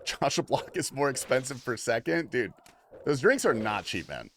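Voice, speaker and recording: A young American man chats casually on a game livestream, reading chat aloud, laughing, and swearing freely. His voice is medium-pitched and sing-song at a normal speed, a bit bright, with a little hiss or hum in the recording.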